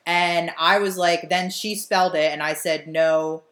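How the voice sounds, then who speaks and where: A woman's voice: on the low side, fairly even intonation, unhurried, fairly bright tone. A woman, telling a story with animation and swearing freely as a podcast co-host. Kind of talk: casual chat.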